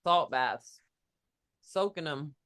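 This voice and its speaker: An herbalist co-host talking casually with a playful, enthusiastic manner. The voice sits at a middle pitch and laughs come readily. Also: lively intonation, slow pace, a bit bright. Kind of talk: casual chat.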